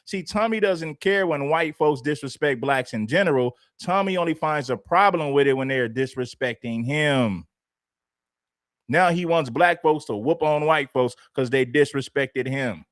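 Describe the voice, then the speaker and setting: A man's voice: fairly high pitch, no room sound, clean studio sound. A man making an emphatic point in casual commentary.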